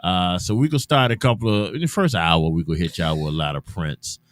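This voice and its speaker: A man hosting an afternoon radio show in casual talk, loose and chatty with drawn-out hesitations and restarts. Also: low-pitched, no room sound, studio quality. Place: radio studio.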